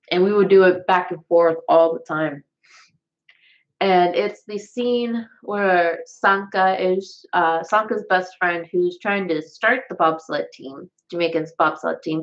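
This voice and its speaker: Rambling Southern woman, lower voice. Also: muffled recording. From Southern United States. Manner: rambling, self-deprecating, lots of restarts. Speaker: vlogger. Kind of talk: casual chat to camera.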